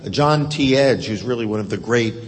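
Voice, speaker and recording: A radio talk show host leading a live audience discussion, rambling and thoughtful with many restarts. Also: male voice, moderate pace. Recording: reverberant hall with faint rumble.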